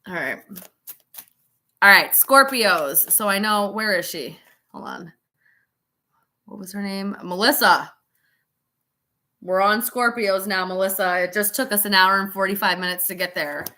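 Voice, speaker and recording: A woman's voice: medium pitch, measured pace, pauses often, bright, forceful tone. A tipsy woman giving a casual live tarot reading, chatty and laughing, with swearing and dramatic asides. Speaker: tarot reader.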